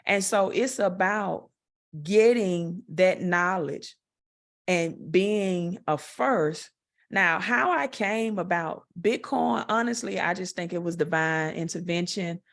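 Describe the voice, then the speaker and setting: A woman with a Southern US accent answering interview questions in a direct, confident way, talking slowly with many fillers. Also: fairly low pitch, gravelly, fairly bright tone. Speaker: guest, network marketer.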